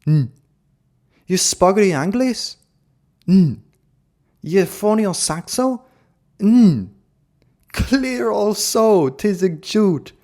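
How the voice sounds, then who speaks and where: A prying male character fires off questions in jumbled foreign phrasing, each one left hanging on a murmur. A man puts him on in a much higher, oddly colored voice. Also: expressive, very slow, pauses often, darkish tone, full character voice. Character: quizzical man probing a stranger's language.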